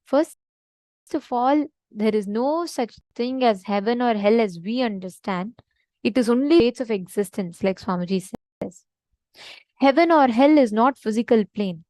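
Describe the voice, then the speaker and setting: A woman with a fairly high but darkish voice speaks unhurriedly, leading a devotional teaching session as a spiritual teacher. She's earnest and emphatic, often repeating her main points, on a low-quality recording with no echo.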